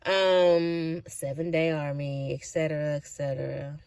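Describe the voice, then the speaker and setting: A woman's voice: low-pitched, level tone, a little slow, creaky, darkish tone, clean tone, no room sound. A woman chatting casually in a reaction video, candid and profane, with lots of slang and asides. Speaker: vlogger reacting to an awards show.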